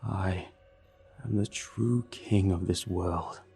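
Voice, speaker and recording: A man voicing a monstrous male creature, speaking in a slow, menacing Texas drawl. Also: low voice, creaky, mellow, husky, faint music behind, exaggerated voice. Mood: grandiose.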